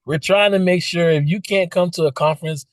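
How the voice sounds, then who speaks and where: A man's voice: sits high, brisk, no room sound, low-quality recording. A man who co-hosts a podcast, speaking earnestly and with emphasis as an interview guest. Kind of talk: casual interview chat.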